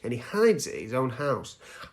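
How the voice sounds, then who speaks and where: A man's voice: mid-range voice, sing-song, a little fast. A man hosting a podcast, casually retelling a story with loose, sweary asides and frequent "right?" check-ins. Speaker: podcast host.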